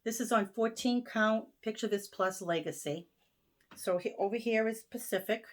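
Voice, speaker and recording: A woman's voice: on the high side, normal speed. A woman with a Boston accent chatting casually in her home sewing room, showing her needlework projects with lots of ums and restarts. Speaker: stitching vlogger. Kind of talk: casual show-and-tell chat.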